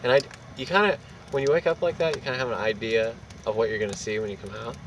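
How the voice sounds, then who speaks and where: A man telling a casual anecdote in an animated, profane way, acting out what people said. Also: mid-range voice, fast talker. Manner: animated, profane, acts out quotes. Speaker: storyteller. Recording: distant mic, loud street and traffic noise.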